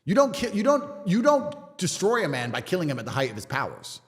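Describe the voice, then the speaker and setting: A man talking defiantly and with heavy emphasis on a podcast, his voice fairly high and swinging widely between highs and lows. He swears freely and punches his points hard. The sound carries a long reverb, as if recorded in a hall. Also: huge pitch swings, quick pace. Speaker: podcast guest. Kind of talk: casual podcast conversation.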